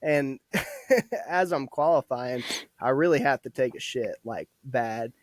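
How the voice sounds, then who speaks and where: A young man in his twenties, a podcast guest, chatting in an easygoing, profane storytelling style with frequent laughs. His voice sits at an ordinary middle pitch. The recording is dry and close, with no room echo. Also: animated, takes it slowly. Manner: laid-back, swears a lot, laughs often. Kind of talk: casual storytelling. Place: podcast studio.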